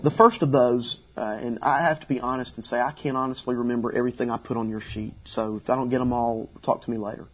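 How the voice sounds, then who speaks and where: A middle-aged man preaching a sermon as pastor, earnest and emphatic, sometimes voicing pleas at a higher pitch. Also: steady tone, quick pace, hardly any pauses, muffled recording, slight background noise.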